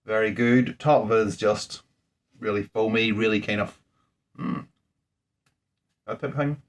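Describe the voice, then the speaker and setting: A man's voice: on the low side, unhurried. A man, a home brewer, talking casually through a beer tasting in a rambling, thinking-aloud way, indoors at home. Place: indoors at home under a ring light.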